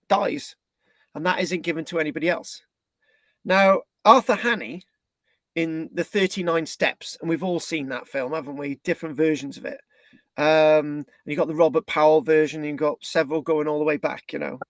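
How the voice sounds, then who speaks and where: Male history presenter from Britain, slightly high voice, dry close sound, loose rambling lecture delivery with many restarts. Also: no echo. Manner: rambling, with frequent restarts and tag questions. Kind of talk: live online history talk.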